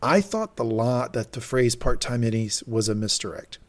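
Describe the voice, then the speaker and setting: Lively man in casual podcast chat. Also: medium pitch, moderate pace. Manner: animated, reads out quotes with swearing and laughs. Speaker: podcast co-host.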